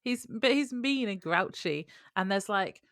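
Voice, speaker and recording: A woman's voice: mid-range voice, expressive, measured pace, a bit bright, no echo, studio quality. A woman co-hosting a podcast in casual chat, giggly and frank with her opinions. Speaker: podcast co-host.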